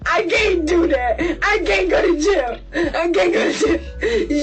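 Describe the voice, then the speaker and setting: A woman's voice: very high-pitched, expressive, takes it slowly, a loud crowd. A woman in her twenties, crying and pleading in panic as a suspect in an interrogation room, repeating herself. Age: 20s. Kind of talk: distressed interrogation-room talk. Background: music.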